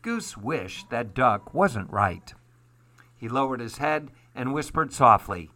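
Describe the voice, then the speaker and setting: A man reads a children's storybook aloud, taking his time over every phrase. His voice is bright and clear, and the telling stays gentle and unhurried throughout. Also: mid-range voice, expressive.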